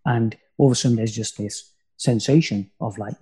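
A man's voice: lowish voice, steady tone, moderate pace, husky. A man, a spiritual teacher and podcast guest, talking in a reflective, musing way in casual conversation. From United Kingdom. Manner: reflective, musing, often quiet.

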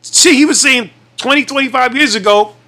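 A man in casual chat, telling stories in a loose, animated, profane way. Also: very high voice, normal speed.

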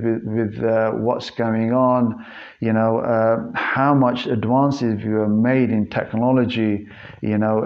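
A medium-pitched man, recorded with the highs cut off, hosts a solo fitness podcast as a fitness trainer. He talks casually and earnestly to listeners, calling them guys, in a rambling delivery full of restarts and fillers.

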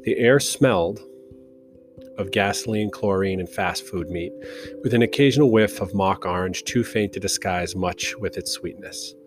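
A man reads a novel aloud as a narrator, in a slow, measured style. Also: low-pitched. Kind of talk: audiobook narration. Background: soft guitar music.

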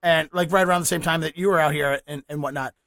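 High-voiced chatty podcast host man. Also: steady tone, quick pace, a loud crowd. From Baltimore. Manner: chatty, meandering questions. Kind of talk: casual podcast interview.

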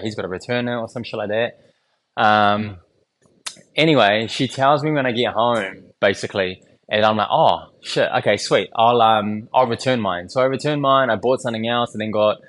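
A man's voice: fairly low pitch, a bit bright. A young man telling a story on his solo podcast, loose and candid, swearing often and laughing between thoughts. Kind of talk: casual rambling storytelling. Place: small home podcast studio.

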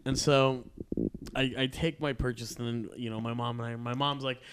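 A man's voice: medium pitch, little pitch movement, normal speed, background noise. A man telling a long, profane story to friends in a casual chat, laughing often as he goes. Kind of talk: casual anecdote among friends.

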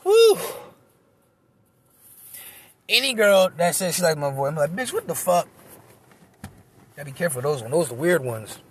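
A man's voice: a little high, lively intonation, racing, fairly bright tone, breathy edge. A man, a comedian, talking in a rambling, profane, self-mocking monologue, recorded on a phone outdoors in a park.

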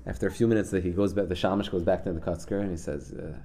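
Speaking very fast with few pauses, a Torah teacher with a deep, dark voice recounts a Hasidic story in his class. He talks conversationally, often restarting sentences and mixing in Yiddish and Hebrew, over slight background noise.

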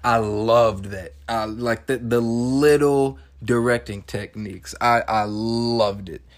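A man in his twenties, hosting a podcast, retelling a movie scene in an animated, casual way and acting out the characters' lines in quick bursts. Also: medium pitch. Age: 20s. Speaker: podcast host.

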